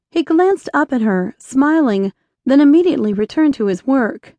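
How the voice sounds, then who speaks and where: A woman narrating an inspirational romance audiobook in a measured storytelling voice on a close studio mic. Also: sits high, expressive, warm tone, no room sound. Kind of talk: scripted narration.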